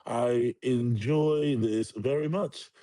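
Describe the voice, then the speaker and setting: A man's voice: mid-range voice, slow pace, dark tone, no echo, pitched above the performer's own voice, lightly acted. Man doing a languid darling-drawling creature. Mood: smug comfort. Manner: drawling, calls others darling. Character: pampered coffin-sleeping male creature, languid.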